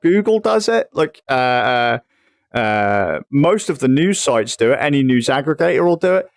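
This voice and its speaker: A man's voice: mid-range voice, very animated, moderate pace, creaky, no echo, clean studio sound. A young man from England ranting in casual chat on a livestream, swearing freely and rambling. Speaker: livestream host.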